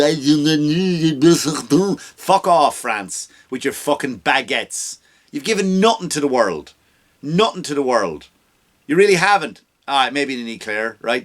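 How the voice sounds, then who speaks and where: A man's voice: fairly high pitch, sharp tone. An Irish man hosting a comedy podcast, delivering a heated, profane rant. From Ireland.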